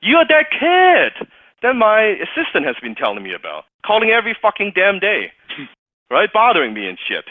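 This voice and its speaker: A man's voice: high voice, huge pitch swings, normal speed, no echo, pitched above the performer's own voice, exaggerated voice. A man voicing a blunt, foul-mouthed male business mogul who gives orders without asking. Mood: brash. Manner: blunt and commanding. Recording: dry, tinny phone-like sound.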